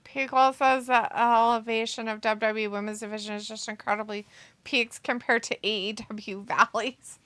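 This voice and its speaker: A woman's voice: a little high, flat delivery, normal speed, fairly bright tone, dry recording. A woman co-hosting a wrestling watch-along, chatting casually, laughing often and reading chat comments aloud.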